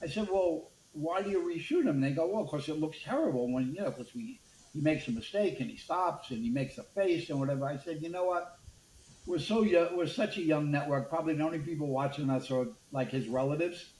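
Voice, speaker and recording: A man's voice: fairly high pitch, fairly quick. Older New man telling stories. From Brooklyn, USA. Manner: animated storyteller acting out dialogue. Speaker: guest, media executive. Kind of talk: anecdotal storytelling interview. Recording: roomy echo with faint background noise.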